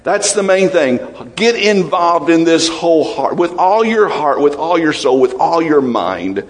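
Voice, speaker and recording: Pastor guy preaching, gets all emotional then drops way down low, big echoey church hall. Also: a little slow. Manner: emotional, animated preaching with laughs and sudden drops to low, quiet tones. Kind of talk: sermon.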